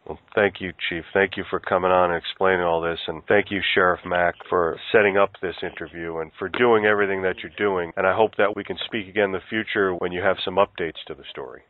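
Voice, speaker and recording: Deep-voiced radio talk host. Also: male voice, steady tone, fast, few pauses. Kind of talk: radio talk show interview. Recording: tinny phone-like, dry.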